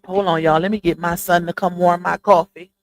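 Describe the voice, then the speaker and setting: A woman's voice: fairly low pitch, steady tone, a little fast, poor audio. A woman hosting a casual gossip commentary livestream from home, chatting straight to her viewers and calling them "y'all" and "child". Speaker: livestream host. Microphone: earphones with mic.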